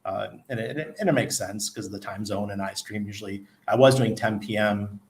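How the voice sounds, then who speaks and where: Man, casual streamer, lower voice, quick to laugh. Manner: laughs often, self-deprecating storytelling. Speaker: crypto livestreamer. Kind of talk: casual livestream chat.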